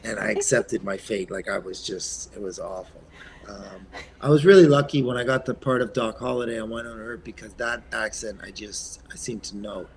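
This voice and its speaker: A man from Quebec, a guest actor, chatting in an interview in a soft-spoken way that often trails off, with plenty of ums and uhs. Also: lowish voice, steady tone, normal speed. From Eastern Canada, Quebec. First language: French. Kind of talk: casual interview chat.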